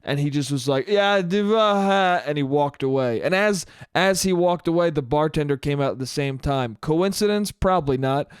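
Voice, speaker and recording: Profane, animated young podcast host. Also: male voice, fairly high pitch, normal speed, hardly any pauses, smooth, no room sound, studio quality. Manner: animated, profane, self-mocking. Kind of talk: solo comedic storytelling.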